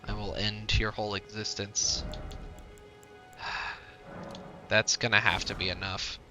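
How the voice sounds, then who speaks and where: A man's voice: lowish voice, level tone, slow pace. Grumbling man over game music. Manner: grumbling, easily frustrated. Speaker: gameplay commentator. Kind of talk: casual gameplay commentary.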